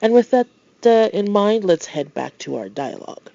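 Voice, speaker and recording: A tutor with a gravelly, mellow voice talks through a recorded language lesson. The speaker explains patiently, adds playful asides, and reads out French example phrases. The sound is dry and a little dull, like a lo-fi voice-over. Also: mid-range voice, sing-song, moderate pace, no echo.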